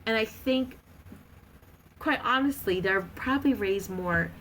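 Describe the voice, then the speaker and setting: A woman's voice: on the high side, a little slow, fairly bright tone, a little hiss or hum, poor audio. A woman in her thirties, a podcast guest chatting casually with lots of fillers and frequent laughter.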